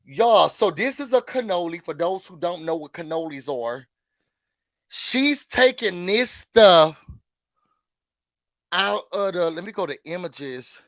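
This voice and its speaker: A man hosting a casual reality-show recap, chatty and animated, laughing and throwing in dramatic asides. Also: high voice, slow, no echo. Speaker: YouTube host.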